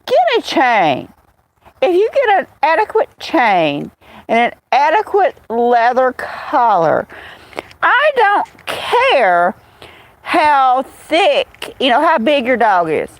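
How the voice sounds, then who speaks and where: Woman chatting on a live stream, kinda high voice, blunt and rambly. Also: sing-song, takes it slowly, rough recording. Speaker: live-stream host reading chat. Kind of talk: casual live-stream chat.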